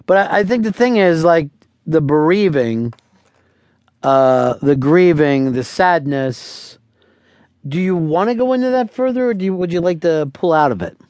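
A man's voice: fairly high pitch, expressive, moderate pace, darkish tone, dry recording. Sarcastic man hosting a radio show. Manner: sarcastic, mocking, playful. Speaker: radio host. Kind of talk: comedic radio talk, riffing and role-playing. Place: radio studio. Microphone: studio mic.

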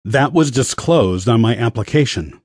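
A sulky young recruit in a storybook, defensive and mumbling, as a man puts him on. The voice is low and husky with lively swings of pitch. The recording is dry. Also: a little fast, no echo. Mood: cold.

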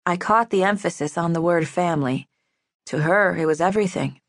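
A woman narrating a novel in the first person, even and measured, recorded in a studio booth. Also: lowish voice, dry recording. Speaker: audiobook narrator. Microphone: studio microphone.

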